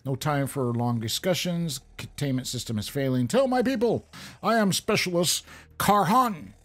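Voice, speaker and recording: A man voicing a dying, infected male prisoner officer in a game, reading his lines in a hurried, urgent way. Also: on the high side, animated. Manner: hurried, urgent read-aloud.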